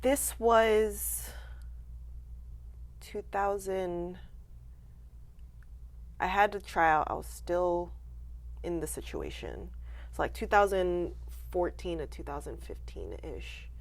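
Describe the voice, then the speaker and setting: Lively woman in her late twenties telling her story. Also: fairly low pitch, slow, vocal fry, long pauses. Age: late 20s. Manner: animated, acts out quoted voices, laughs often. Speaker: guest, professional wrestler. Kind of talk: candid interview storytelling.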